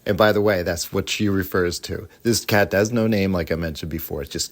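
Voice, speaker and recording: A middle-aged man hosting a book discussion podcast, speaking in an animated and opinionated way. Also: low-pitched, a little fast, few pauses. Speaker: podcast host.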